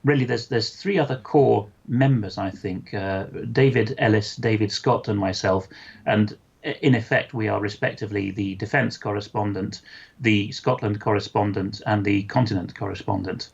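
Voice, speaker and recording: A man giving an interview, speaking articulately in measured sentences with many fillers. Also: lowish voice, fairly even intonation, vocal fry, darkish tone, husky, lo-fi sound. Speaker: interview guest. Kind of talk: conversational interview.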